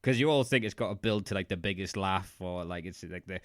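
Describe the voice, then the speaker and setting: Blunt, low-voiced man. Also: fast, no room sound, clean studio sound. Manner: blunt, swears freely, laughs. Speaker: podcast co-host. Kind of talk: casual podcast chat.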